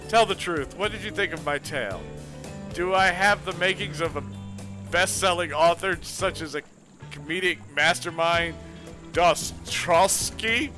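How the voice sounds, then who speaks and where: A man voicing a vain, theatrical female killer who fancies herself a storyteller, with a grand, self-satisfied, slightly lowered delivery. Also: measured pace, over music, natural voice. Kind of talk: streamer voicing a dating game.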